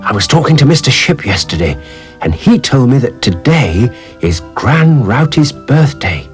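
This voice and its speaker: Kind young mother, soft-spoken and hesitant, lively lilt; male reader. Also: medium pitch, moderate pace, faint music behind, voice pushed up, natural voice. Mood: gentle. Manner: gentle, hushed and hesitant.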